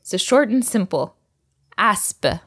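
A woman's voice: mid-range voice, lively intonation, a little slow. A woman teaching a recorded language lesson, patiently drilling words and laughing often.

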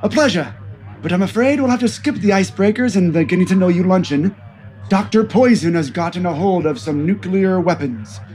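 A man voicing a calm, confident veteran male spy who explains things in a breezy, matter-of-fact way. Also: high-pitched, brisk. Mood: cool.

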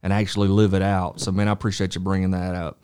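A man's voice: low voice, level tone, fast, a little mellow, smooth. A man hosting an interview, enthusiastic and affirming, with casual slang. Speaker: interview host. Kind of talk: conversational interview.

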